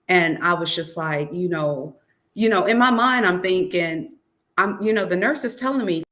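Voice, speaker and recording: A woman's voice: on the low side, normal speed, fairly bright tone. A woman being interviewed about her book, telling a personal story and often quoting what others said to her. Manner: recounts events by quoting others, "he said" asides; earnest, searching, many restarts and "um"s. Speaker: author and guest.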